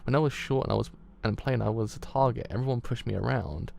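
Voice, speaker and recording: A man's voice: medium pitch, fast, vocal fry, a little mellow. A man with a British accent voicing a young woman who has turned vain and cruel, in a haughty, sneering way. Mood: boastful.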